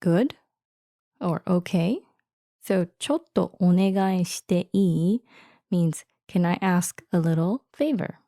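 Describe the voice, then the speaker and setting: Gravelly-voiced woman teacher who giggles often. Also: lowish voice, measured pace, warm tone, no echo, clean studio sound. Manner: giggly, explains words patiently. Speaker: language teacher. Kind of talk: casual language-lesson chat.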